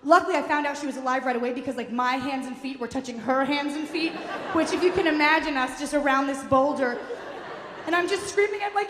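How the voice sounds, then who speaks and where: A woman telling a funny autobiographical story live on stage, animated and rambling, with lots of fillers. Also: high-pitched, quick pace, a little hiss or hum. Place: stage in a hall, live audience event. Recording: roomy hall reverb, faint ambience.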